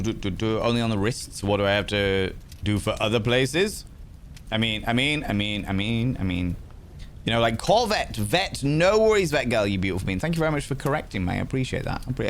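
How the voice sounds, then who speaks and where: Reading comments aloud and greeting each viewer by name, a young man casually chats as host of a livestream. He speaks in a lowish voice, with slight background noise present.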